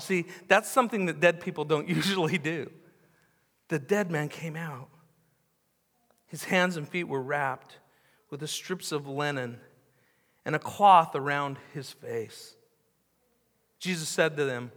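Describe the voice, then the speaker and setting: A man preaching a sermon as pastor, telling the story with animation, repeating phrases for emphasis and dropping to hushed tones. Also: on the high side, measured pace, long pauses. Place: church sanctuary. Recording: long hall reverb.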